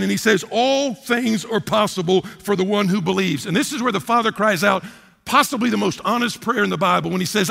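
An American pastor preaching with a bright, tense, high voice that carries a gravelly rasp. He drives his points home by repeating phrases, rising loud and then dropping low. His voice rings with the long reverb of a large church hall. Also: normal speed. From United States. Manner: emphatic, repeats key phrases, swings from loud to quiet. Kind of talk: sermon.

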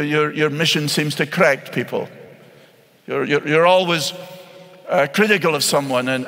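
A man's voice: a little high, bright, forceful tone. A man preaching a sermon, earnest and pleading, often repeating words as he presses his point. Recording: long hall reverb.

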